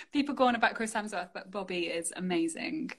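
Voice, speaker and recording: A young British woman, chatty and quick to laugh, talking casually on a phone livestream. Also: medium pitch. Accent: British English. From United Kingdom. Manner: chatty, laughs often, animated. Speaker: guest artist. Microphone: phone on a live video call.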